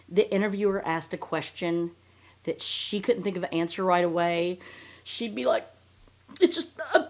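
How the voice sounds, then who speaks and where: Blunt, profane woman ranting on a podcast. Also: on the low side. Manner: blunt, sarcastic and heavily profane. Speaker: podcast host. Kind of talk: casual ranting podcast commentary.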